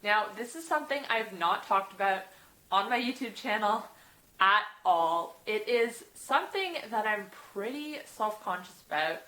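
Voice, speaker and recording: A young woman talks to her camera in a casual vlog, at an ordinary middle pitch. A slight lisp from fresh braces blurs some of her words. Nervous sighs and small laughs fall between her phrases. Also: a bit bright, echoey room, low-quality recording. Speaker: vlogger.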